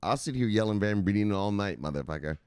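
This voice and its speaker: A man's voice: on the low side, expressive, fast, a little mellow, clean tone, no echo. A man hosting a casual vlog, talking loosely with lots of swearing and laughter at home. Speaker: host.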